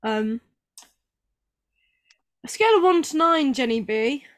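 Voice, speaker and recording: A woman's voice: sits high, expressive, slow, no echo, studio quality. Rambling, self-mocking young woman host. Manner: chatty, rambling, self-mocking, lots of ums. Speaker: podcast host. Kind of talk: casual chat.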